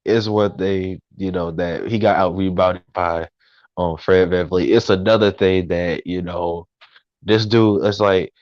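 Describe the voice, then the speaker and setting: A man co-hosting a casual sports talk show, rambling and halting, often breaking into laughter. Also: deep voice, steady tone, darkish tone, no room sound, dull audio. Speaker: co-host.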